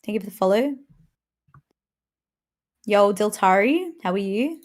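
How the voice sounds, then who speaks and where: A woman's voice: medium pitch, animated, measured pace. A woman live-streaming a game, chatting casually with a teammate and greeting viewers, laughing often. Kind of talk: casual live-stream chat while gaming.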